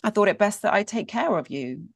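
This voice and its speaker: A woman's voice: medium pitch, animated, fairly quick, no room sound, studio quality, pitched above the performer's own voice. Aphrodite, a woman doing an evasive goddess. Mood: smug. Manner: hesitant, evasive. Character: vain goddess mother, evasive and awkward.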